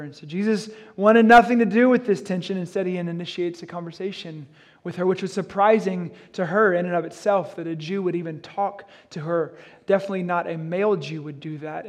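A man's voice: on the high side, darkish tone. A male pastor preaching an expository sermon, reading scripture and breaking into casual, conversational asides.

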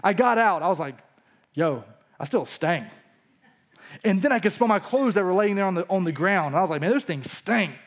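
A preacher with a drawl and a fairly high voice talks through scripture like a friendly teacher. His delivery is loose and chatty, full of restarts and homespun asides. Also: quick pace, few pauses. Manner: casual teaching tone with frequent restarts and storytelling asides. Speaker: pastor. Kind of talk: conversational sermon.

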